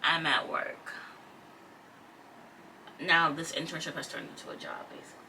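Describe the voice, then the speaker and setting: In her twenties, this vlogger has a low-sitting, very animated, sharp-toned voice at a moderate pace. She casually tells her audience a personal story, peppered with "like" and quoted speech, picked up by a distant mic over faint background noise.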